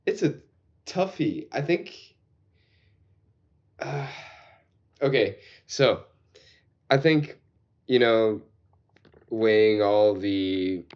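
A man co-hosting a podcast in casual chat, leaning on lots of "like" fillers. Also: lowish voice. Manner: unhurried, full of "like" fillers. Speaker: podcast co-host. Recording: dull lo-fi sound.

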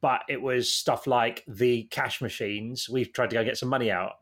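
A man, a guest in a casual interview, telling long rambling anecdotes that get animated at the funny parts. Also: medium pitch, normal speed.

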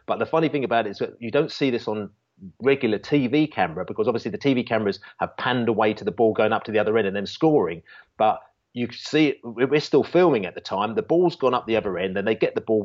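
Rambling man, low voice, lo-fi. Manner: rambling, many restarts and fillers. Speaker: football fan channel guest. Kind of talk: casual storytelling. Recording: dull lo-fi sound.

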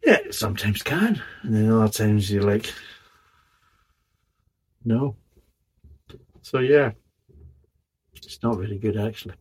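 A lowish, husky male voice talks through a beer review in a loose, rambling way. He is blunt, exasperated and swears freely as he picks the drink apart. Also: expressive, moderate pace. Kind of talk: casual spoken review.

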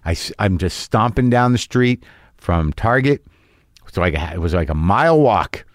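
A man's voice: fairly low pitch, animated, moderate pace, no echo, clean studio sound. A middle-aged man hosting a podcast, telling a comic story in a rambling, self-mocking way with sudden exasperated, profane outbursts. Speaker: podcast host.

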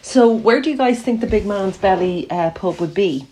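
A woman's voice: medium pitch, lively intonation, normal speed, warm tone. A woman hosting a comedy podcast in casual chat, chatty and steering the talk, recorded over a remote call. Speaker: podcast host.

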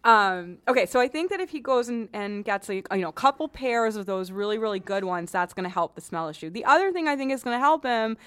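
A woman's voice: a little high, lively intonation, fairly quick, few pauses, a bit bright, clean tone, dry recording. Frank, chatty woman podcast host. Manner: chatty, frank and joking, many restarts. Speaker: podcast host, cleaning advice columnist. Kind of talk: casual podcast chat.

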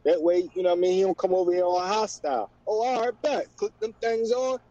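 A middle-aged man, talking in a relaxed casual chat and repeating "you know what I mean". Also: high voice, fast talker. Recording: dry, dull lo-fi sound.

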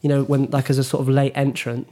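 A man's voice: mid-range voice, level tone, fast, mellow, slight background noise. A young man from Britain hosting a podcast, telling rambling stories in casual chat with many fillers and restarts. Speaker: podcast host.

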